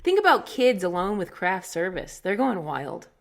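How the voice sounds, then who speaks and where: A young woman comedian guesting on a movie podcast, talking emphatically with many "like"s and quick restarts. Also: mid-range voice, big pitch swings, creaky. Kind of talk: casual movie chat.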